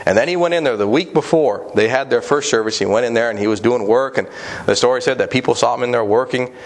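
A man's voice: mid-range voice, quick pace. A male pastor preaching a sermon in a folksy, storytelling way with frequent fillers.

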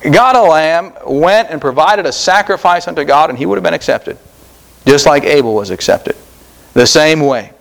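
Man pastor preaching a sermon in church, earnest, keeps repeating lines for emphasis, bit of a higher voice. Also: animated, moderate pace, gravelly. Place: church service.

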